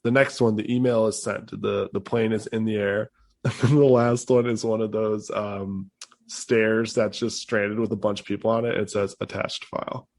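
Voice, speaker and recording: A man's voice: on the low side, level tone, moderate pace, a little mellow. A young man co-hosting a podcast in loose, casual chat, swearing freely and laughing often. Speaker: podcast co-host.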